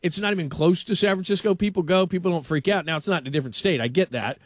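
Give me an animated man talking sports casually, with a slightly high voice and a dry sound. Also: fast, dry recording. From Los Angeles. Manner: animated, opinionated, stammers on restarts.

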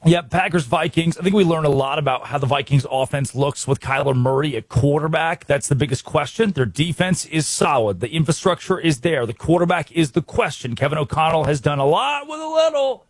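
An American man hosting a sports radio show, brisk and wry, full of rhetorical questions. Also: a little high, animated, no room sound. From United States.

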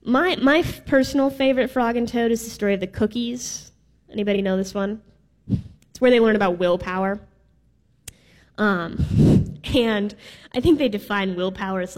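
A woman's voice: medium pitch, moderate pace, a little mellow. A woman preaching a sermon in a casual, playful way with some filler words. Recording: reverberant hall.

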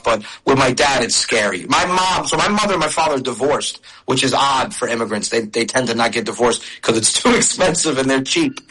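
A middle-aged comedian and video creator chats in a casual interview, telling stories with restarts and laughs. His medium-pitched voice sounds pushed and bright, and the audio quality is poor.

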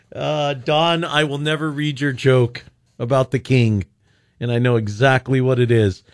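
A man's voice: medium pitch, steady tone, slow, long pauses, no room sound, studio quality. A man hosting a call-in radio show, joking with callers and laughing often. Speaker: radio host.

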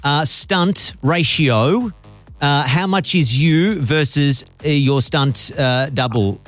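A man's voice: fairly high pitch, takes it slowly, fairly bright tone, no echo, soft background music. A man with an Australian accent hosting a casual, joking interview. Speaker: radio show host.

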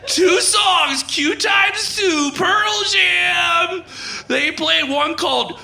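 A man plays a cracking, overwrought rock-station DJ. The voice sits very high and sharp with a gravelly edge, yelled in desperate bursts. The sound carries some room echo. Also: very slow, soft background music, full character voice. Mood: frantic. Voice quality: shouting, voice breaking. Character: heartbroken male radio DJ, frantic and cracking. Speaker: comedian. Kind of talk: stand-up act-out. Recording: roomy echo.

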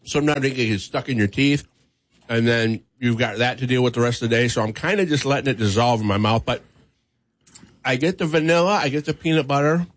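A relaxed man hosts a morning radio show, talking in an easygoing, chatty way at a middle pitch. His studio mic sounds dry and close, with no room sound around him. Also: fairly quick, dry recording. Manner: easygoing, chatty, laughs often. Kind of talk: casual radio chat, taste-testing candy. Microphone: studio microphone.

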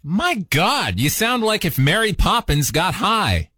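A radio host jokes in a mock-dramatic manner, the voice swooping wildly up and down. The tone is husky, and the sound is dry and close, straight off a studio mic. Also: medium pitch, very animated, measured pace, sharp tone, no room sound. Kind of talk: casual radio banter.

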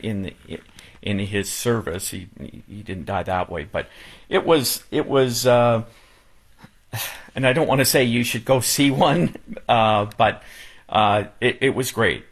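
A man speaking in a halting, emotional way, full of fillers and restarts, about someone he admired. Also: on the low side, a bit bright. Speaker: guest. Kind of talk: casual chat.

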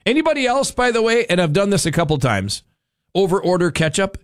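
A man's voice: sits high, big pitch swings, brisk, no echo, studio quality. A man hosting a radio talk show, chatting in a rambling, opinionated way full of fillers and restarts.

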